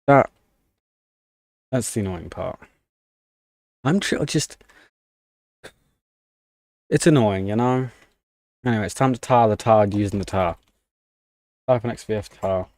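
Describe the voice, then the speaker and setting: A man's voice: on the low side, unhurried, pauses often, a little mellow, dry recording, studio quality. A young man chatting casually on a live stream, ranting in annoyance while typing commands at his desk. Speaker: livestreamer.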